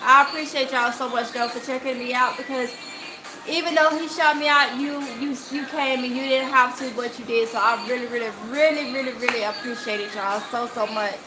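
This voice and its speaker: A woman's voice: high-pitched, fairly even intonation, a little fast, over music, low-quality recording. A woman with a Mississippi accent hosting a livestream, reading viewer comments aloud in a chatty way and laughing easily. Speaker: channel host.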